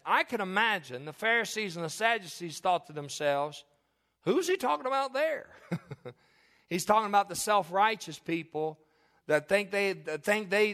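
High-voiced man preaching a sermon. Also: a bit bright. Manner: impassioned preaching with emphatic repetition.

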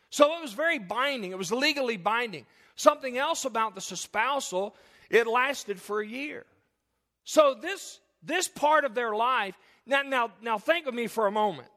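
A man in his forties, a pastor preaching a sermon in a church, animated and jokey, telling stories and acting out the people in them. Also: very high voice. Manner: animated, jokey, acts out characters in anecdotes. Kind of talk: sermon with storytelling. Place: church sanctuary. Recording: long hall reverb.

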